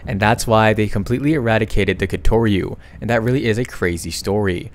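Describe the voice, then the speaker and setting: A man's voice: fairly low pitch, a little fast. Chatty young man recapping a comic. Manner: chatty, excitable, slangy asides. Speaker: manhwa recap narrator. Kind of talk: casual recap narration.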